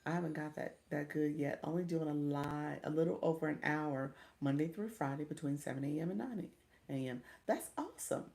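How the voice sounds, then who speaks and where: A woman's voice: sits low, a little fast, gravelly, darkish tone. A woman livestream coach chatting casually with her viewers, reading the chat aloud and laughing often.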